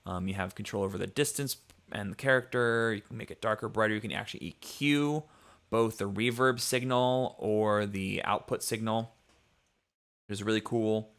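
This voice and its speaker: A man giving a casual livestream tutorial on mixing, explaining in a loose, conversational way while demonstrating sounds at his computer in a home studio, often pausing with ums as he thinks aloud. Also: lowish voice, a bit bright. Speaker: music producer teaching mixing.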